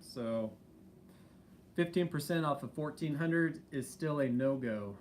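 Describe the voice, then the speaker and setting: A man's voice: fairly high pitch, unhurried, slight background noise. A man co-hosting a casual live stream, talking in an easygoing, rambling way with many fillers. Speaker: channel co-host.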